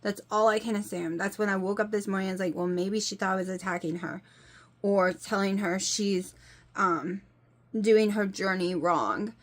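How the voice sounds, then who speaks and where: A woman's voice: medium pitch, fairly even intonation, normal speed. A woman, talking casually to camera in a rambling, exasperated, emphatic way. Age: 40s. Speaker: vlogger.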